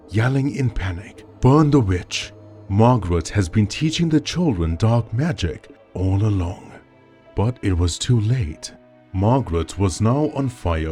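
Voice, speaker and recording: Deep, slow male horror storyteller. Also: warm tone. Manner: slow, dramatic storytelling with lingering pauses. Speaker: narrator. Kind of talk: scripted horror story narration. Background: faint background music.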